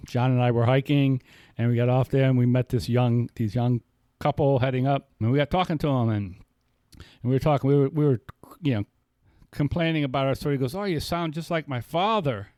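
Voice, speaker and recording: A man's voice: medium pitch, fairly quick, dark tone, no echo. A man co-hosting a podcast about sobriety, talking casually in long, rambling stretches full of restarts and retold conversations. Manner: rambling, many restarts, quoting others in dialogue. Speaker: podcast co-host. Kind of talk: casual recovery podcast chat.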